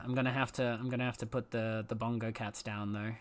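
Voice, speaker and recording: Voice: mid-range voice, level tone, fast talker. A live streamer chatting casually with viewers, playful and teasing, with mock-dramatic complaints. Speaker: live streamer talking to chat.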